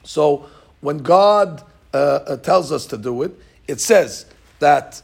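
Man, Torah teacher, husky, high voice, animated. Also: a little slow. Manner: animated, acts out quoted dialogue with rising pitch. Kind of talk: Torah lesson.

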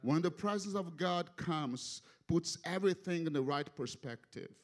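A man preaches a sermon in a church. He is passionate and animated and often repeats words as he drives a point home. His voice sits somewhat high for a man. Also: normal speed. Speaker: guest preacher. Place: church sanctuary.

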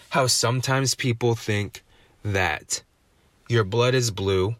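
A man ranting in a casual, profane podcast monologue. He swears freely, keeps asking "right?", and rises to loud indignation. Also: medium pitch, slow pace, dry recording. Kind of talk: profane comedic rant.

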